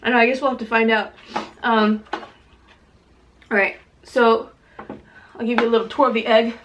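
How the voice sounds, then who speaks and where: High-voiced, chatty woman food vlogger. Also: a little slow, muffled recording, background noise. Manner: chatty, excitable, exclaims often. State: sweaty, teary from spicy food. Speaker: mukbang host. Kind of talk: casual food vlog chat to camera.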